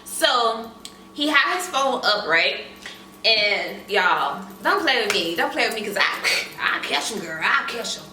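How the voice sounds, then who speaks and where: A young woman vlogging, telling a casual storytime in an animated way with asides straight to her viewers, in an echoey room away from the mic. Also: medium pitch, unhurried. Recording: echoey room, mic at a distance, faint room noise.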